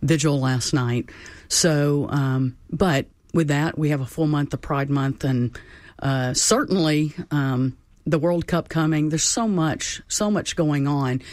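A guest on a talk show speaking haltingly, repeating words and using many fillers. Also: medium pitch, a little mellow, no echo.

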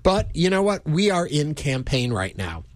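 A man's voice: fairly high pitch, big pitch swings, moderate pace, no room sound, clean studio sound. A man hosting a public radio show, chatting casually with a co-host and making a friendly pledge appeal. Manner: chatty, rambling, upbeat. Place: radio studio.

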